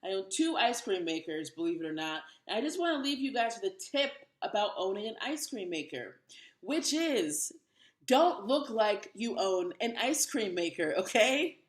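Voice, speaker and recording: Woman, 30s, stand-up comic, dry self-mockery, lively pitch, roomy sound. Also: moderate pace. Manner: wry, self-mocking delivery. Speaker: stand-up comedian. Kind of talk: stand-up comedy set.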